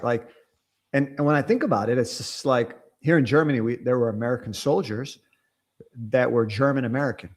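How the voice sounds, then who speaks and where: A male podcast host chats casually, rambling and excitable, with many restarts and fillers. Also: medium pitch, a little fast. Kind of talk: casual interview chat. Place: Germany.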